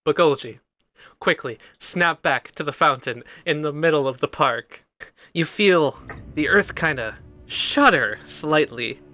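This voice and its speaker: A man running a tabletop role-playing game as game master, narrating scenes and explaining rules in an animated way. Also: on the high side, a little slow, no room sound. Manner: animated, laughs between lines.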